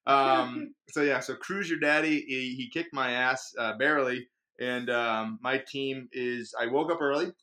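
A man's voice: mid-range voice, unhurried, hardly any pauses, pushed and bright. An American man co-hosting a casual podcast as league commissioner, chatty and laughing. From United States. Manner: laughing, chatty, pushes things along.

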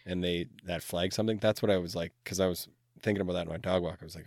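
A man with a low, deep voice talks through a movie plot in a casual, meandering way. He laughs easily and lets his sentences trail off. The sound is close and dry, with no room around it. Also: fairly even intonation, rapid-fire, darkish tone, no echo. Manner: laid-back, laughs often, trails off. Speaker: podcast co-host. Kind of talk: casual movie recap chat.

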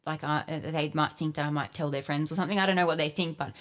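A woman's voice: deep voice, quick pace, a bit bright. A young Australian woman in her twenties, chatting as an interview guest with lots of fillers. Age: 20s. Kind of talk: casual interview.

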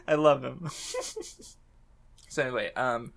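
Laughing, swearing man, bright voice. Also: medium pitch, takes it slowly, creaky. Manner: excitable, swears often, laughs a lot. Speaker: podcast co-host. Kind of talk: casual chat.

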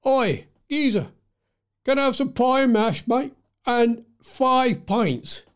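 A man's voice: very high-pitched, lively intonation, slow pace, clear, resonant tone, pitched above the performer's own voice, full character voice. A man voicing a cheeky male London pub customer with a brash London accent. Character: cheeky London pub punter ordering beer. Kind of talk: comic impression in a casual monologue.

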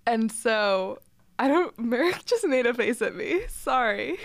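A woman's voice: on the high side, animated, a little slow, dry recording. A young woman from South Carolina co-hosting a podcast, chatting casually and laughing easily. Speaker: podcast co-host. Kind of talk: casual chat.

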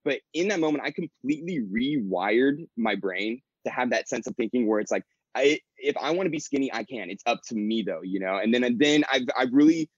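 A man in his twenties, a podcast guest chatting casually from his childhood bedroom, rambling quickly with lots of fillers and restarts. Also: mid-range voice, lively intonation, husky, dry recording, lo-fi sound. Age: 20s. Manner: rambling and quick, heavy with "like" and "you know", frequent restarts. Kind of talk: casual interview chat.

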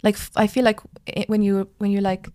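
A woman's voice: mid-range voice, level tone, brisk, warm tone, no room sound, clean studio sound. A young woman from Malta with a Maltese accent, a drama student chatting casually on a podcast and explaining at length with lots of "like" fillers. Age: young adult. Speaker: drama school student guest.

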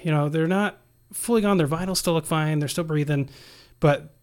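Lively American male nurse telling stories. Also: a little high, moderate pace. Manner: animated storyteller, acts out quoted voices. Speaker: emergency nurse guest. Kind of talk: casual storytelling in a podcast interview.

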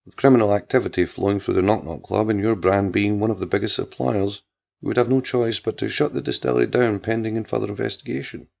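Cold emotionless lawmaker, voiced by a man, gravelly and low, dull lo-fi sound, faint music. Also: fairly even intonation, fast talker, a little mellow.

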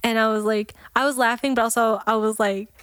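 A woman guest on a podcast, telling a story in lively casual chat, laughing often and acting out the voices of the people in it. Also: fairly high pitch, fairly quick, smooth, no room sound. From Texas, USA. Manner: animated, laughs often, acts out quoted voices.

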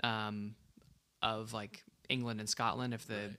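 A man's voice: lowish voice, level tone, a little slow, bright, forceful tone, clean tone. A man co-hosting a podcast in casual chat, rambling and hesitant with lots of fillers. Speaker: podcast co-host.

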